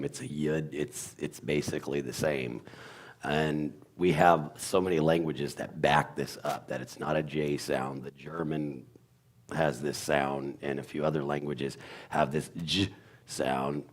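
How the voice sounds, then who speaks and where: A man teaching as a guest, halting and searching for words at first, then sounding out Hebrew letters with growing energy. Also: a bass voice. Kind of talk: explaining Hebrew letters in a conversation.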